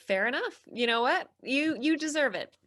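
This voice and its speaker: A woman's voice: high-pitched, animated, moderate pace, a bit bright. A woman co-hosting a podcast, talking in a wry, laid-back, teasing way. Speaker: podcast co-host. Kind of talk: casual chat.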